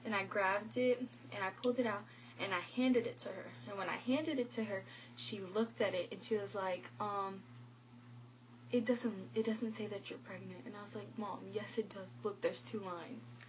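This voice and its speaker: A woman's voice: medium pitch, normal speed, a little hiss or hum, low-quality recording. A teenage girl telling her own story as a vlogger, retelling conversations with lots of "like" and quoted lines. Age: teens. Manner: animated retelling with quoted dialogue, filler "like". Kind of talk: personal storytelling.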